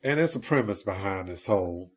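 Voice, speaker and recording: A man's voice: deep voice, animated, a little fast, slightly rough. A man, an actor being interviewed, talking casually with many fillers and frequent laughs. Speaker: actor guest.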